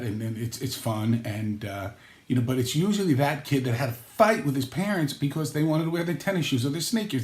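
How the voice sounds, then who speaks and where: Man, vlog host, jokey and rambling, mid pitch, roomy echo. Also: very animated, quick pace, a little mellow. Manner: jokey, rambling, acts out quotes with pitch jumps. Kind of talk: comedic vlog monologue.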